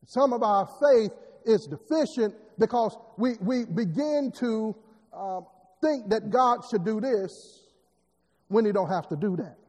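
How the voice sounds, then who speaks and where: A man's voice: sits high, lively intonation, measured pace, darkish tone. A man preaching a sermon, repeating words and building emphatic rising lines. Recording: long hall reverb.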